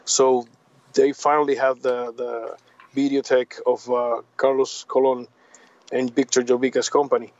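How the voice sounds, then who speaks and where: Puerto Rican-accented man, halting speech. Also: medium pitch, flat delivery, no echo, muffled recording. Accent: Puerto Rican Spanish. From Puerto Rico. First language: Spanish. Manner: halting, repeats words, drops grammar. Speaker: guest. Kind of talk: casual interview.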